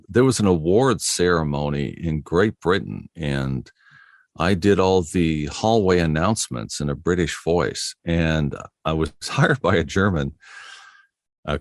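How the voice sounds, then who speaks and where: A man's voice: low-pitched, dry recording, clean studio sound. A middle-aged man, a voiceover artist, talking easily in an interview and telling stories about his work with frequent chuckles. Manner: easygoing, anecdotal, chuckles often. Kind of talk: relaxed interview conversation.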